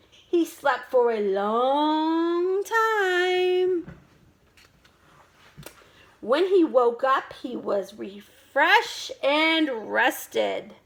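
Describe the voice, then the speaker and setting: Woman teacher, children's storybook read-aloud, high lively voice, slow expressive delivery, dramatic pauses. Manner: expressive, dramatic pauses, asks listeners questions. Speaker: teacher reading stories to children.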